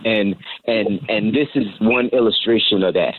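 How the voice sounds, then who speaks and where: A man's voice: on the low side, moderate pace. A man calling in to a radio show, hesitant and searching for his words. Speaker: caller. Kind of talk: call-in radio question. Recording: tinny phone line with faint hiss.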